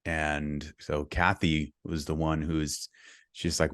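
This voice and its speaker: Middle-aged man, very low voice, earnest storytelling, dry close sound. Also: little pitch movement, unhurried, no echo. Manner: earnest and open, speeds up when reliving the story. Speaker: guest, real estate investor. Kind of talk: candid storytelling in a podcast interview.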